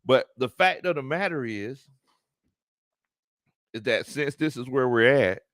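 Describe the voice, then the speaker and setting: A man hosting a live sports talk stream, animated, laughing often and greeting his chat. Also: mid-range voice, unhurried, no echo, clean studio sound. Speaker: sports talk show host.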